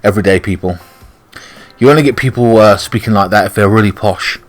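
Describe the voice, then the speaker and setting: A man's voice: on the low side, fairly quick, faint music behind. A British man casually commenting on a game playthrough, blunt and chatty, swearing freely. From Britain. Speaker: gaming channel host.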